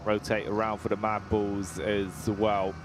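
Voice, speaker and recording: A man's voice: on the low side, monotone, a little slow, noisy background. A man casting a live esports match with jokey, matey banter. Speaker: esports caster.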